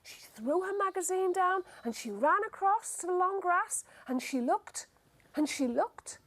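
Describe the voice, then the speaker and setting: A woman teacher telling a phonics story to young children, slow, animated and encouraging. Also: extremely high pitch.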